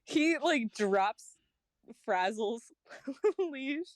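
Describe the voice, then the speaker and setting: A woman narrating as game master of a tabletop game, lively and giggly, with casual swearing. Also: high voice, extremely slow.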